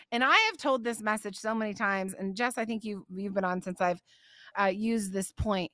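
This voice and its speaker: A woman's voice: mid-range voice, animated, moderate pace, sharp tone, no echo, studio quality. A middle-aged woman hosting a faith podcast, answering questions and reading scripture in an emphatic, passionate way. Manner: emphatic and passionate, getting on a soapbox. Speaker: podcast host.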